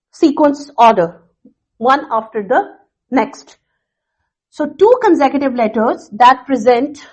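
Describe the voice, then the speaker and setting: A woman teacher walks students through phonics in a recorded lesson. Her voice sits high, and she speaks slowly. She repeats each point and often pauses on fillers. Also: breathy edge, poor audio. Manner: slow, repetitive explaining with fillers.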